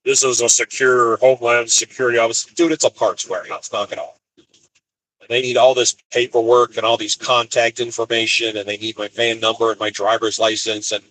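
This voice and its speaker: A man's voice: mid-range voice, little pitch movement, moderate pace, fairly bright tone, rough recording. A man, a van driver, telling road stories in a rambling, wry way during a live stream from his van. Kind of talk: casual storytelling live stream. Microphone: phone.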